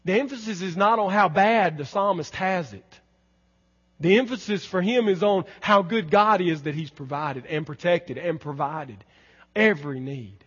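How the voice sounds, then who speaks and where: A man preaching a sermon as pastor, emphatic, swinging between loud exclamations and quiet low lines. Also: normal speed, breathy edge. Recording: dull sound with long hall reverb.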